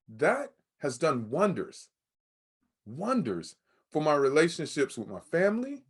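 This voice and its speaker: A man speaking as a guest, telling a candid, emotional personal story in conversation and acting out what people said. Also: on the high side. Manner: candid, emotional, acts out quoted dialogue.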